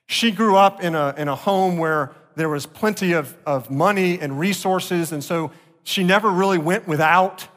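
A man's voice: high-pitched, fairly bright tone. Man preaching in a reverberant hall. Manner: earnest preaching, slowing for emphasis. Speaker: pastor. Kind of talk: sermon. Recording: long reverb of a large hall.

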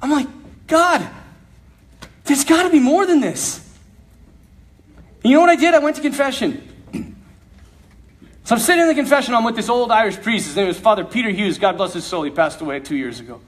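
A man telling his faith story to an audience, animated and laughing often as he acts out the dialogue. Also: sits high, fast. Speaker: speaker sharing a faith testimony.

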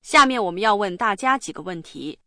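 A woman hosting a language lesson, explaining clearly and instructively. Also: medium pitch, expressive, fairly quick, bright, forceful tone, no room sound, clean studio sound.

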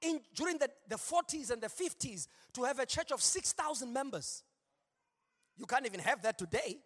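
A male pastor preaching an animated sermon in a large church, with call-and-response asides. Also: very high-pitched, normal speed. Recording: long hall reverb.

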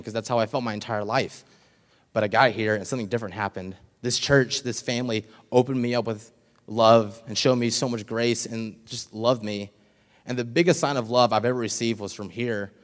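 Young male speaker, early twenties, sincere testimony, reverberant church hall. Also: on the low side. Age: young adult. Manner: earnest and emotional, pausing with ums. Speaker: summer church intern giving a testimony. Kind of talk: personal testimony to a congregation. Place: church sanctuary.

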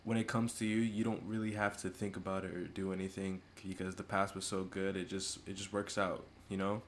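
A man's voice: low-pitched, flat delivery, a little fast, slight background noise. A man hosting a casual podcast chat, talking in a loose, rambling way and laughing often. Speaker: podcast host.

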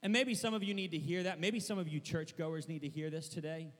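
Young guy preaching, kinda high voice, trips over his words a lot, gets loud fast, echoey church hall. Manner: rambling and excitable, stumbling restarts, bursts into shouting. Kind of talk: sermon.

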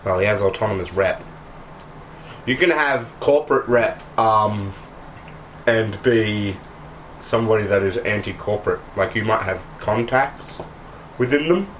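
A man's voice: lowish voice, measured pace, long pauses, fairly bright tone, slight background noise. A man explaining rules as game master of a tabletop game.

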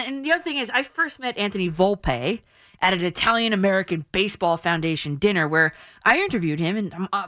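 A woman's voice: medium pitch, sharp tone, dry recording, studio quality. A woman in her thirties hosting a sports talk radio show, chatty and emphatic. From New Jersey. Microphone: studio microphone.

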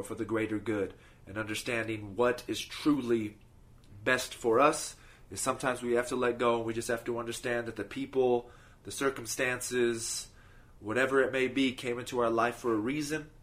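A man's voice: medium pitch, steady tone, moderate pace, a bit bright. Easygoing man telling short stories. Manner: easygoing, with restarts. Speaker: podcast host. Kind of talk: casual storytelling.

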